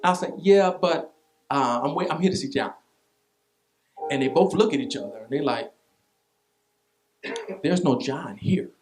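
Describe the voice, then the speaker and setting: A man preaching a sermon as pastor, telling a personal story in an animated, repetitive way with vernacular asides. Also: on the high side, measured pace, pauses often, faint music behind.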